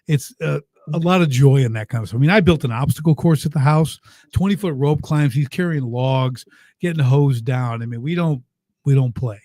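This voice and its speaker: Speaking at a moderate pace, this upbeat man from the United States, a business coach on a podcast, shares stories with energy and emphasis, occasionally choking up. His voice is mid-range and mellow, and the studio recording is clean with no room sound.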